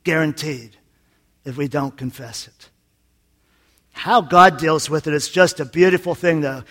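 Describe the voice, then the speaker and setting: A man preaching a folksy sermon, his voice sitting a little higher than most men's. He drops to a near-confiding hush, then swells into loud emphasis, and breaks up the teaching with jokes. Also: unhurried. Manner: folksy, tells jokes, swings from soft to loud. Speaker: pastor.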